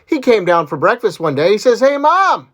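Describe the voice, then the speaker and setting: A man telling off-color jokes in a casual way, who laughs loudly at his own punchlines. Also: high voice, lively intonation, a little fast. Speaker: joke teller.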